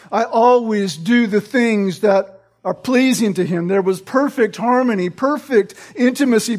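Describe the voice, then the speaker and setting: High-voiced, slow preaching man. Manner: emphatic, repeats key phrases for stress; quotes scripture with chapter and verse. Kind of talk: sermon.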